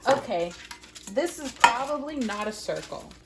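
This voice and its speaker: A woman's voice: on the high side, animated, measured pace, heavy background noise. A woman vlogger chatting casually while baking in her home kitchen, giggling and cracking puns at herself, recorded on a phone. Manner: giggly, self-mocking, chatty, makes puns.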